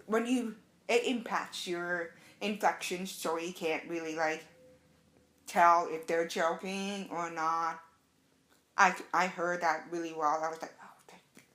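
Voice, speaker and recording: A woman's voice: lowish voice, slow pace. Woman, young adult, casual storytelling vlog, chatty, echoey room. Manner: chatty, excited, acts out quotes. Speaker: vlogger.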